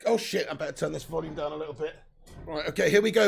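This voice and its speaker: A man hosting a live football watch-along, commenting excitedly and reading out viewer messages. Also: high-pitched, fast, gravelly. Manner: excitable, casual, swears, reads out viewer messages.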